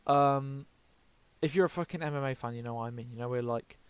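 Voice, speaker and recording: Man, smooth clear voice, dry close sound, chatty, swears, keeps correcting himself. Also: mid-range voice, fairly quick, no echo. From United Kingdom. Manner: rambling, swears often, self-correcting. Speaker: MMA vlogger. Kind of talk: casual fight predictions.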